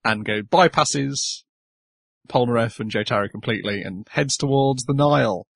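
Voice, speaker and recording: A man's voice: medium pitch, normal speed, vocal fry, slightly rough, no room sound. A man hosting a casual anime podcast, recapping the episode plot and laughing often. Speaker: podcast host.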